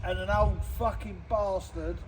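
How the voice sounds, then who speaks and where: A man's voice: sits high, fairly even intonation, measured pace. A man in his fifties, a DJ chatting casually to camera on tour, swearing freely and joking with fans. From England. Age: 50s. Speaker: DJ vlogging a tour. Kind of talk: casual vlog chat. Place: nightclub, indoors. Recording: noisy club crowd behind.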